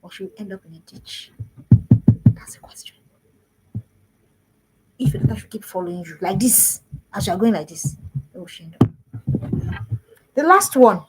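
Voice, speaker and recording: A woman's voice: medium pitch, animated, normal speed, pauses often, very noisy. A woman, a parenting coach giving an emphatic talk to parents and repeating phrases for stress.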